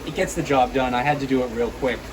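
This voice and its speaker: A man in casual chat, showing off his fish tanks, explaining in a relaxed way with fillers. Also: mid-range voice, fast, background noise. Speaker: guest showing his home aquarium.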